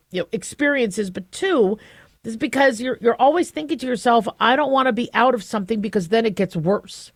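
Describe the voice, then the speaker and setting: A woman's voice: a little high, no echo. A middle-aged woman who is a physician and radio host, talking in a chatty, self-deprecating monologue with frequent restarts. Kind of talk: casual talk radio monologue.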